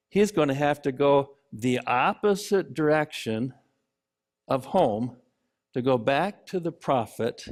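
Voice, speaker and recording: A man preaching a sermon in a church, slow and deliberate, pausing for emphasis. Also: fairly high pitch. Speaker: pastor. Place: church sanctuary.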